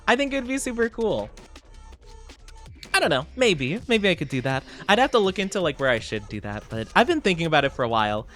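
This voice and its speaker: A male VTuber streamer giving casual live gameplay commentary, bubbly and excitable, giggly and rambling with lots of fillers. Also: fairly high pitch, brisk, faint music behind.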